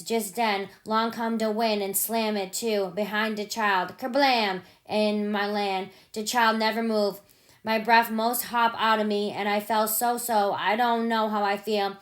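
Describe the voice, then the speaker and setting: A woman reading aloud as a remorseful grown man telling a painful memory, slow and halting with sudden loud bursts. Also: medium pitch, natural voice. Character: grieving grown man, remorseful father, folksy.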